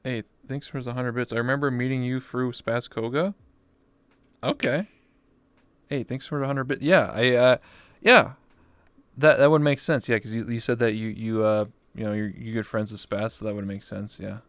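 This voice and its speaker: Young male streamer, excitable, casual cursing; smooth, resonant tone, dead-dry close mic. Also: mid-range voice, normal speed, no echo. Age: 20s. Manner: excitable, swears casually, repeats thanks. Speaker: VR chat streamer. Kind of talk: casual livestream chat.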